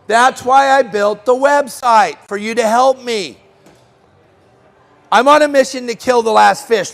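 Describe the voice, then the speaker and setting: Joking with his audience and calling on them by name, a middle-aged man gives a live fishing seminar at a trade show. His high voice is creaky and a bit bright, heard through long hall reverb.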